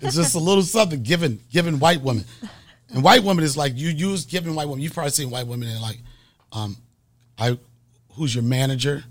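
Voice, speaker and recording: A middle-aged man hosting a podcast, telling a profane comic story in an animated way and acting out scenes with mock gasps. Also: a little high, fast talker. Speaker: podcast host and comedian.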